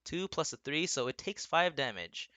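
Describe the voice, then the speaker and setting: A man's voice: fairly high pitch, very animated, moderate pace, sharp tone, dry recording. A young man running a tabletop game as game master, casual and often laughing.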